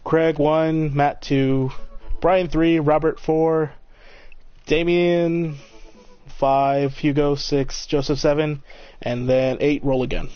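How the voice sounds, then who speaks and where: A man's voice: fairly high pitch, level tone, slow pace, clean tone, no echo. Brief: male streamer, self-mocking casual commentary, muffled home mic. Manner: rambling, swearing, self-mocking. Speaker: game streamer. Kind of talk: casual let's-play commentary. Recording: dull lo-fi mic.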